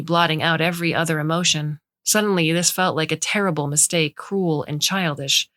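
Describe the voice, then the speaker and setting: Woman narrator, low voice, measured storytelling, dry close sound. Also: steady tone, a bit bright, no room sound. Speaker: story reader. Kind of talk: scripted narration.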